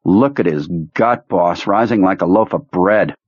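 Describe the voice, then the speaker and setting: Casting: a man doing a rough, plain-talking soldier, low and husky, audiobook. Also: a little slow, a little mellow, no echo, lo-fi sound. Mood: uneasy.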